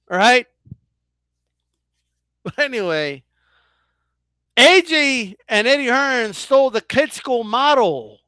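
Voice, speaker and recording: A man's voice: very high-pitched, pushed and bright, clean tone, no room sound. A man ranting in a casual vlog as a boxing commentator, swearing freely, stumbling into restarts and keeps asking his viewers "right?". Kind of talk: casual opinion rant.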